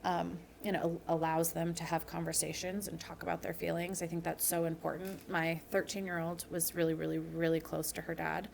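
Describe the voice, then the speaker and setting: Casting note: woman in her thirties, low-pitched and gravelly, earnest interview guest, faint hiss behind. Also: flat delivery, fairly quick, hardly any pauses. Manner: earnest, personal storytelling. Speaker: podcast guest. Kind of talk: candid interview conversation. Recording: faint background noise.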